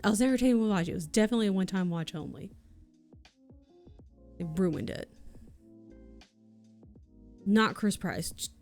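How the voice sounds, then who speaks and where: A woman streamer chats loosely and unscripted on a casual livestream, ranting and swearing as she goes. Her voice is middle-pitched for a woman, gravelly and animated, at normal speed with frequent pauses. Soft music plays faintly in the background.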